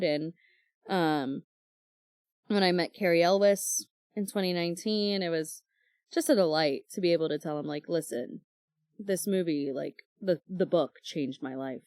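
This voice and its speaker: Chatty woman podcast co-host, low-ish voice. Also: darkish tone, clear, resonant tone, no echo, clean studio sound. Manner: chatty storyteller, many fillers, acts out quoted dialogue. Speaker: book club podcast co-host. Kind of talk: casual chat.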